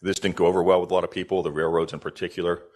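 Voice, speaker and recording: A middle-aged man with a very low voice delivers a conference keynote. He talks in a folksy, halting way, restarting phrases and slipping in jokes. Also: level tone, darkish tone. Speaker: keynote speaker, agency deputy director.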